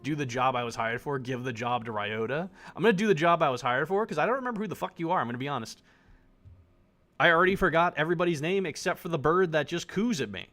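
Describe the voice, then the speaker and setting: A man's voice: a little high, fast, a bit bright. A man streaming a dating sim live, making blunt, joking asides and swearing casually. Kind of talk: live-streamed game commentary.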